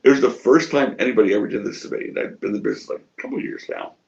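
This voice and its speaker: This wrestling promoter, a middle-aged man, races through his shoot-interview stories in a very fast, mid-range voice with vocal fry. He animatedly performs what others said and curses freely, though the recording is muffled.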